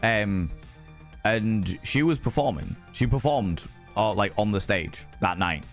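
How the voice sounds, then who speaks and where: A husky man with a fairly low voice hosts a casual stream, his throat slightly hoarse from a few nights of drinking. He talks in a theatrical, flamboyant way, often jumping into high, mocking voices between stretches of plain, rambling chat. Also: animated, takes it slowly, soft background music. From Ireland. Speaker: livestream host. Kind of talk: casual chat reading viewer messages.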